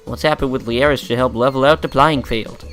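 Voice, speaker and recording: A friendly, easygoing shopkeeper and proud dad with a broad Australian accent, put on by a man reading game lines. He chats at a relaxed, folksy clip in a mid-pitched male voice. Faint music sits under the talk. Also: fairly quick, close to an everyday voice. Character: friendly middle-aged male shopkeeper and father.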